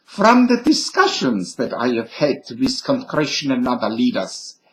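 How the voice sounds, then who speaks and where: A pompous old general with a heavy, exaggerated German accent, as a man puts it on. The voice drops well below the man's own and comes out quieter and weightier. It sounds like a comedy sketch. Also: medium pitch, sing-song, measured pace, slight background noise, voice pushed down. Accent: put-on exaggerated German.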